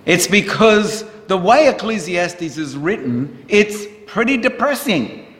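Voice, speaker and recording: A man preaching in church, talking with the congregation in an easy, conversational way and tossing questions out to them. His voice sits a little high, and he speaks slowly and deliberately. The sound carries the long, roomy echo of a church hall. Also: animated, fairly bright tone. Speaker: pastor. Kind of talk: sermon.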